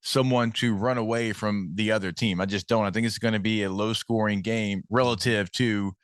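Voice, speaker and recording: A man's voice: on the low side, fairly even intonation, normal speed, clean tone, dry recording. Guy hosting sports radio, dead dry studio sound, chatty and rambling. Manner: conversational, rambling with restarts. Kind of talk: casual sports talk.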